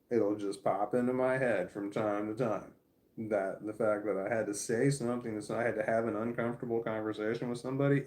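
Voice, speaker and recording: A man's voice: on the low side, a little mellow. A man who stammers, chatting candidly on a live stream and reading viewer comments aloud, blunt and earnest, swearing casually. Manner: stammers, with frequent repeated words and restarts.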